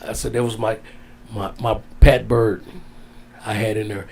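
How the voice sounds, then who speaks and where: A man telling a heartfelt story as a guest, drawn out, dropping low and soft on the sad parts. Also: level tone, measured pace, gravelly, breathy edge. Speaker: wrestling guest. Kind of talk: storytelling in casual interview.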